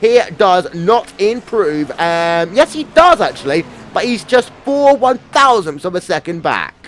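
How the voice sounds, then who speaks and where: High-voiced joking male race commentator. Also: big pitch swings, measured pace, fairly bright tone, slight background noise. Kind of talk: sim racing commentary.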